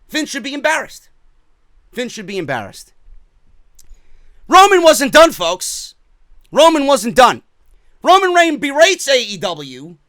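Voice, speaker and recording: A man's voice: sits high, a bit bright, dry recording. A man giving heated, profane, sarcastic commentary on wrestling in a vlog. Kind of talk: ranting commentary.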